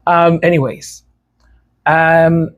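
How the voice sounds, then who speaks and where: Slow-talking man with a stutter. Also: fairly high pitch, level tone. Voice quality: tongue-tied, some sounds hard to pronounce. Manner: stutters, repeating words. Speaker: music creator speaking to supporters. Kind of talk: casual talk to viewers.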